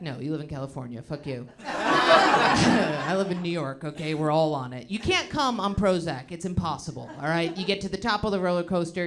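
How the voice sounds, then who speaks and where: A woman in her thirties performing a stand-up comedy set, brash and profane with deadpan asides. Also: lowish voice, heavy background noise. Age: 30s. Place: comedy club stage with a live audience.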